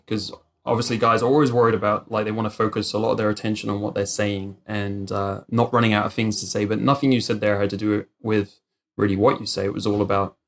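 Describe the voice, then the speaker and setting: Gravelly-voiced male interviewer. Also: fairly low pitch. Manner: thoughtful, rephrasing questions as he goes. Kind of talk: interview questions.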